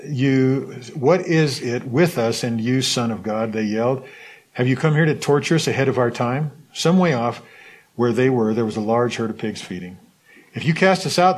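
A man leading a Bible study, reading scripture aloud in a lively way and stopping to comment on it. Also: medium pitch, breathy edge, rough recording. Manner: animated reading, voices the quotes with asides.

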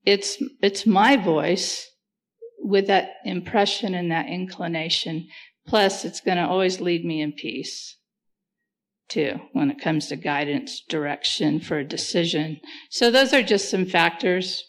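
Woman leading a faith talk, earnest and reflective, with a slightly low voice. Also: unhurried. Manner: earnest, reflective, thinking aloud. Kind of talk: casual faith discussion.

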